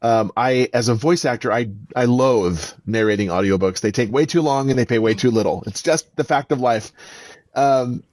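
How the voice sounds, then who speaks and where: An author and voice actor talks as a podcast guest, telling stories with lively emphasis. His voice sits at an ordinary middle pitch. The recording is dry, with almost no room sound. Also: moderate pace, dry recording. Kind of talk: casual podcast interview.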